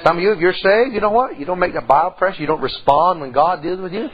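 A middle-aged man, preaching a folksy sermon that swings between loud outbursts and hushed tones. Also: high voice, quick pace, dull audio. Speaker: pastor.

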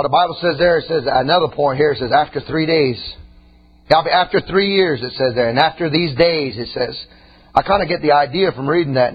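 A man preaching a sermon with passion, his voice rising to shouts and dropping low again. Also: breathy edge, lo-fi sound. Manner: impassioned, shouting, swinging between loud and quiet.

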